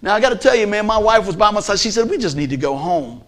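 Man giving a testimony, high pitched voice, storytelling, loud then hushed. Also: lively intonation, quick pace. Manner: storytelling with acted-out quotes, swings from loud to hushed. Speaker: gospel musician giving testimony. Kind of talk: animated testimony sermon.

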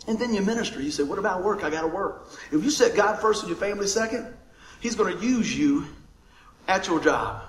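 High-voiced jokey man preaching a sermon. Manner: jokey, animated, laughs often. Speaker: pastor. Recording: echoey room with faint noise.

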